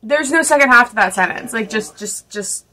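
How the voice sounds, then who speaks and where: High, lively young woman gushing over a film. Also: normal speed, a little hiss or hum. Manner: gushing, excitable, swearing, frequent laughing outbursts. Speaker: movie reaction vlogger. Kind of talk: casual movie reaction commentary.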